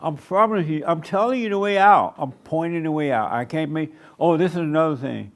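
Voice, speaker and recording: Gravelly man preaching with emphatic repetition. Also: fairly high pitch, fairly quick. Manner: emphatic, repeats short commands. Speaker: pastor. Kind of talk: sermon to a small congregation. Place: church meeting room.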